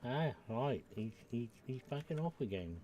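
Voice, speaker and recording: A man's voice: medium pitch, animated, moderate pace, mellow, lo-fi sound, a little hiss or hum. An older man from the United Kingdom, chatting and rambling to himself as he streams a game. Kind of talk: casual live-stream commentary while playing.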